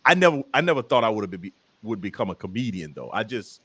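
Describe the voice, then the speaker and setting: A Southern American comedian guesting on a casual interview chat tells jokey stories with animated energy. His voice is on the low side and slightly rough, and he talks fast.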